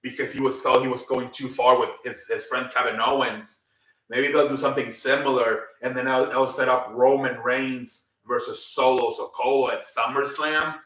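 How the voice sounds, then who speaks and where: A man's voice: mid-range voice, steady tone, moderate pace, pushed and bright. Rambling man recapping wrestling, roomy echo. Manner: rambling, many fillers and repeated words. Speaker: wrestling show commentator. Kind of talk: casual recap of a wrestling show. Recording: roomy echo, a bit far from the mic.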